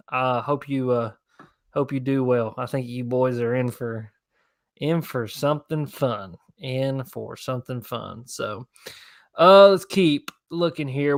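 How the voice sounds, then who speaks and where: A man's voice: on the high side, no room sound, studio quality. A young man hosting a casual fishing livestream and answering viewer questions in a laid-back, rambling way. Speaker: fishing channel host.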